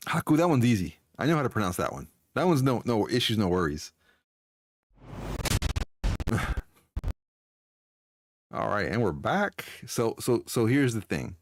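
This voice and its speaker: A man's voice: fairly low pitch, no echo, studio quality. A man chatting casually on a live stream, answering chat and laughing often as he tells a story.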